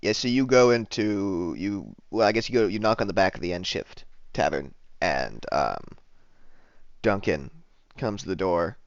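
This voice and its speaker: A man narrating a tabletop game as game master, rambling with many pauses. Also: deep voice, lively intonation, vocal fry, no room sound. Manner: rambling, lots of uh and um. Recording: dull lo-fi dry audio.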